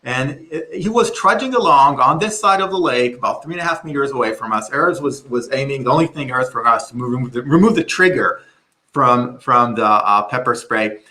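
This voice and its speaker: A middle-aged man presenting a webinar, telling a story in an animated way with many restarts. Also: medium pitch, a little fast.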